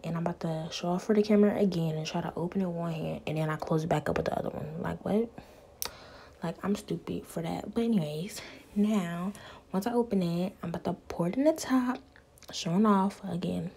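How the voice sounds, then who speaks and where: A woman's voice: fairly low pitch, creaky, warm tone, slight background noise. A woman vlogging casually and talking straight to her viewers in a chatty, playful way, often dropping to a near whisper. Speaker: beauty vlogger. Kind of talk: casual vlog chat and voiceover.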